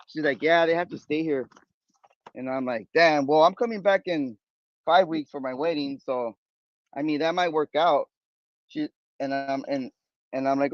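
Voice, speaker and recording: A man hosting a podcast, retelling a story in a rambling, animated way with lots of fillers and restarts. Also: fairly high pitch, moderate pace, no room sound, highs cut off. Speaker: podcast host. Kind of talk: casual storytelling chat.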